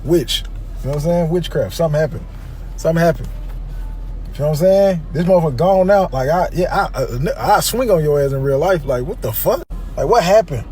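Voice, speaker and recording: A man with a fairly high voice rants in a loose, animated way. He swears freely and circles back over the same points. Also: fairly quick, soft background music. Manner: animated, profane, repetitive. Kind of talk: casual rant to camera.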